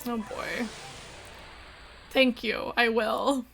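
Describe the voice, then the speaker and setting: A bubbly woman VTuber chatting through a casual gameplay stream, and sometimes reading the dialogue aloud. Her voice is high and bright, with soft music underneath. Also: fairly even intonation, very slow, creaky.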